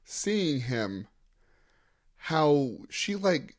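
A man's voice: a little high, sing-song, very slow. A young man co-hosting a podcast, recapping events in casual chat with dry jokes. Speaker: podcast co-host.

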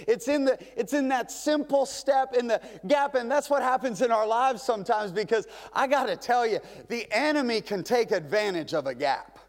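A male pastor delivering a lively, conversational sermon full of rhetorical questions to a congregation. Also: high voice, big-room sound. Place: large church sanctuary.

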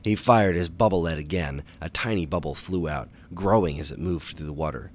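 A man reading a children's action storybook aloud in a steady, expressive way. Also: deep voice, brisk, a little hiss or hum. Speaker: narrator.

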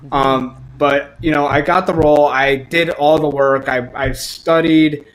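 A man's voice: fairly high pitch, fairly even intonation, measured pace, poor audio. A man chatting casually about his start as a fair actor, rambling and laughing, acting out quoted lines. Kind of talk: casual podcast chat.

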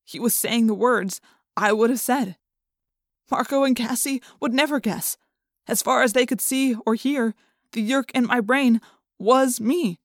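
A woman's voice: fairly high pitch, moderate pace, no echo. Casting: woman narrator, tense first-person storytelling, dry close recording. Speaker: audiobook narrator. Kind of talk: scripted narration.

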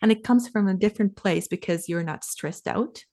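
A woman from Finland in her thirties, a guest on a podcast interview, talking in a relaxed, reflective way and turning lively when she quotes herself. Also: medium pitch, normal speed. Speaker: podcast guest, sales coach. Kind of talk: casual interview talk.

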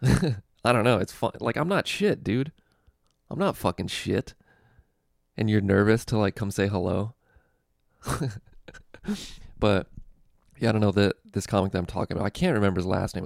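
A man's voice: on the low side, creaky, a little mellow, no echo, clean studio sound. A young man casually telling a story with lots of fillers, swearing and laughter, hosting a comedy podcast. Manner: laid-back, profane, lots of fillers and laughs.

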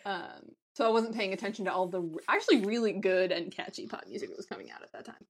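Woman, podcast co-host, casual chat, animated, lots of fillers, middle pitch. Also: fast. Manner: animated, laughs often, talks in fillers. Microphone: remote call.

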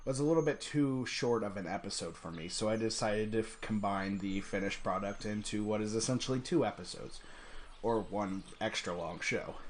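A man hosting a tabletop role-play podcast, introducing the episode and running the game in a relaxed, chatty way. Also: lowish voice, a little hiss or hum. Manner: relaxed, chatty, laughs easily. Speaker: game master and podcast host. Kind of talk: casual podcast narration and game mastering.

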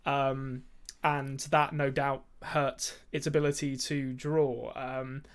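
A man co-hosting a film podcast in casual chat, talking things through with frequent ums and quick bursts. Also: mid-range voice, little pitch movement, clean tone. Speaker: podcast co-host.

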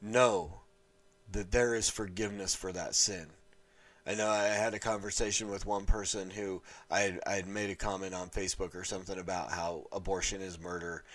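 A man speaking earnestly and haltingly to camera as an evangelist vlogger, often pausing to search for words. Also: deep voice, little pitch movement, fairly bright tone. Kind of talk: unscripted talk to camera.

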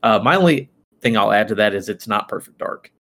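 A man talks quickly in a casual podcast chat. He gives blunt, opinionated takes. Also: lowish voice, lively intonation, fairly bright tone.

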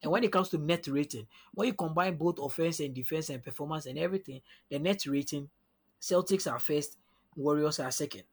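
A man with a husky, somewhat raised voice gives a long analytical breakdown on a casual sports podcast. He walks through numbers and matchups in order and keeps checking whether his listeners are with him. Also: a little high, brisk. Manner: analytical, often asks "you understand?".

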